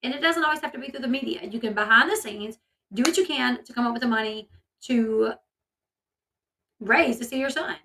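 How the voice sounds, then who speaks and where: A woman's voice: a little high, a little fast, sharp tone, distant mic, poor audio. A woman hosting a casual commentary video, chatty and opinionated with many fillers. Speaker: commentary channel host.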